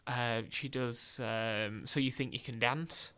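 Young northern english guy on the radio, bright tense voice, chatty, keeps restarting. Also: mid-range voice, slow, clean tone. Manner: chatty, restarts a lot, excitable. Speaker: radio host. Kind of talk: casual radio chat.

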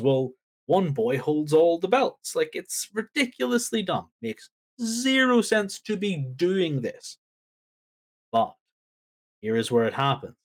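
A man with a slightly high voice rants his way through a casual podcast chat. He talks emphatically and sounds exasperated, climbing higher whenever something strikes him as pointless. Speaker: podcast co-host.

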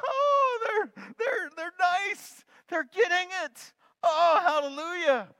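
Man doing a giddy parent, very high, loud and shrieky, gushing. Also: takes it slowly, no echo, heavily acted. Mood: overjoyed. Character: giddy, overjoyed parent squealing with relief.

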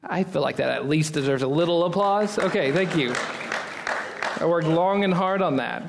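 Male pastor preaching a sermon, kinda high voice, earnest, gets emphatic then drops low and slow. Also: vocal fry, crowd noise, background noise. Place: church.

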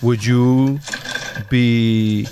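A man's voice: medium pitch, very slow, a crowd in the background. A man chatting casually while reacting to a movie, teasing and swearing often. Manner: teasing, profane, animated.

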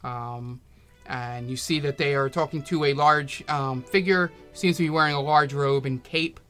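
A man narrates as game master in a tabletop game, pausing often and filling gaps with "um". His voice is slightly high and bright. Faint music plays behind him. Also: steady tone, clean tone. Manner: halting, many fillers.

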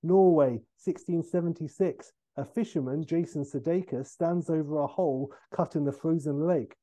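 A man tells a silly film pitch with gusto, narrating scene by scene in a mellow, warm voice. He sounds like a podcast host spinning a comic yarn. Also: no echo. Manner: narrates briskly and jumps into silly voices for characters. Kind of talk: comic storytelling, acting out scenes.

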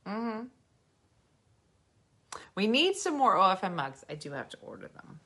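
A woman's voice: mid-range voice, very animated, measured pace, bright, forceful tone. A woman with a New Jersey accent hosting a casual podcast chat, a little tipsy and cooing at her dogs. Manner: chatty, talks sing-song to her dogs. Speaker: podcast host.

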